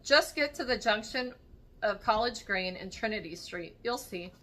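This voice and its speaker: A woman's voice: mid-range voice, animated, moderate pace, pushed and bright. A woman voicing an awkward, eager young male student who talks nervously, in a storybook reading. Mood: playful. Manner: nervous, rambling.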